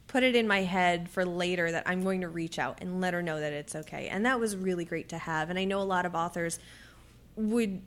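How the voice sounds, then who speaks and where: Woman, author guest on a podcast; animated storyteller who quotes herself and laughs often; mid-pitched. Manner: animated storytelling, acting out her own dialogue with frequent laughs. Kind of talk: conversational interview.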